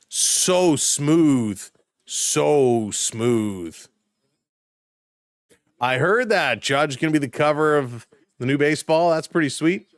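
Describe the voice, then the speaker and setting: A man doing live play-by-play commentary for a stream, calling plays quickly and chatting with viewers in between. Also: a little high, no echo, clean studio sound. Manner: rapid play calls, rising excitement on big plays, chatting with viewers.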